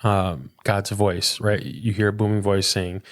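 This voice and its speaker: An earnest man in his thirties with a lowish voice, talking as a pastor in a relaxed interview. He is recorded close and dry, with almost no room sound. He speaks reflectively and keeps dropping in "man" and "dude". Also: unhurried, no room sound. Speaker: pastor, podcast guest. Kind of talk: casual conversational interview.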